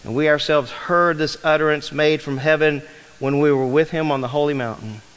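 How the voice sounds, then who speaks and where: High-voiced preaching man in a reverberant hall. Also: steady tone, moderate pace, a bit bright. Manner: emphatic preaching with rhetorical questions. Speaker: pastor. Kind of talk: sermon. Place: church sanctuary. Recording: long reverb of a large hall.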